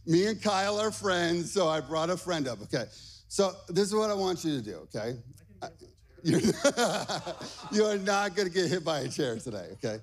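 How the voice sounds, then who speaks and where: A middle-aged man pastor preaching a lively sermon to a congregation, energetic and repeating "okay?" and "all right" often. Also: sits high, a little fast. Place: church stage before a congregation.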